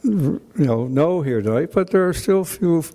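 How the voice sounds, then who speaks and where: An older Canadian man with a Canadian accent, giving an emotional, halting acceptance speech at a hall of fame ceremony, full of restarts. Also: fairly high pitch, expressive, warm tone. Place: banquet hall.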